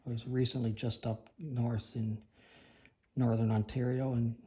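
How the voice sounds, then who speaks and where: A man giving a casual painting tutorial, thinking aloud and correcting himself as he works, his voice slightly hoarse. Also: mid-range voice, little pitch movement, measured pace, dark tone. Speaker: painting instructor.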